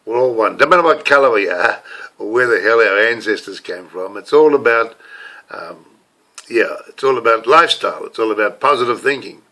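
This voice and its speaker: A man's voice: fairly low pitch, animated, a little fast, sharp tone. An older man with a New Zealand accent, talking to camera in a rambling, casual monologue full of restarts. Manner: rambling, many restarts and fillers. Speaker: self-styled preacher and video blogger.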